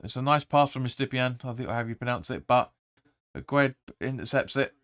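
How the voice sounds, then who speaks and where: A man hosting a live football watch-along, rambling through the play and sometimes shouting at the players. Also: medium pitch, fairly quick, no room sound, studio quality. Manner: rambling, restarts often, erupts when urging players. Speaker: fan channel host.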